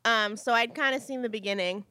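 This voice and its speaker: A woman with a higher, bright voice co-hosts a podcast in relaxed, wry chat. Her voice sounds dry and close, with no room around it. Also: fairly quick, clear, resonant tone, no room sound. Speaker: podcast co-host. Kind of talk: casual chat.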